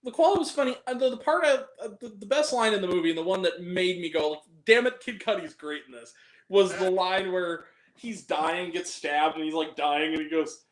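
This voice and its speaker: A man hosting a casual film review chat, animated and profane, quick to laugh and shout. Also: sits high, echoey room. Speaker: podcast host.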